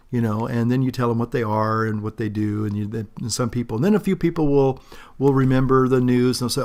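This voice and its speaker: A man's voice: medium pitch, fairly quick, darkish tone. A man talking in a casual, rambling unboxing vlog, chatty and full of restarts. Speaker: vlogger.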